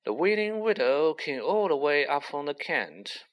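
A man voicing a proud, touchy gentleman ghost in an audiobook reading, formal and proper. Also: a little high, big pitch swings, unhurried, pitched above the performer's own voice.

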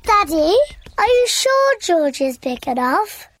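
A woman's voice: very high voice, sing-song, takes it slowly, music in the background, full character voice, rough recording. A woman voicing a bossy, cheerful little girl pig in a cartoon, proud and giggly. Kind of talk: cartoon voice acting.

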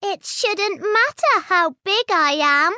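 A woman doing a squeaky tiny boy dinosaur. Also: lively intonation, takes it slowly, pushed and bright, no room sound, clean studio sound, heavily acted. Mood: earnest. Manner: squeaky, earnest. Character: tiny eager young male dinosaur.

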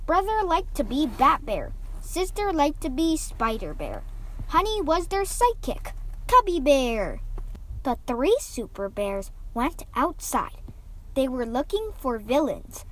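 A woman reading a children's picture book aloud, with gentle, expressive storytelling and lively voices for the characters. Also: high voice.

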